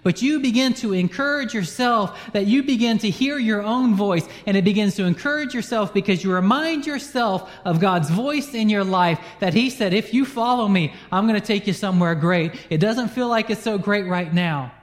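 A man, a pastor telling a lively personal story in a sermon and chuckling through it. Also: sits high, moderate pace, hardly any pauses. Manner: animated storyteller, laughs through his own anecdotes. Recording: long hall reverb.

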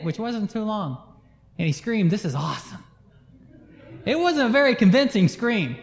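A pastor with a notably high voice tells a story from the pulpit in an animated, laughing way. The sound carries a long reverb, as in a large hall. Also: male voice. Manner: animated storyteller, laughs through his own anecdotes. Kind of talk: storytelling sermon.

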